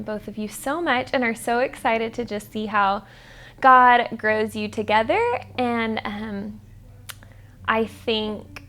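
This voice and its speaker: Slow, hesitant woman offering marriage advice. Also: fairly high pitch. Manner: gentle, hesitant, many ums. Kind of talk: wedding video message.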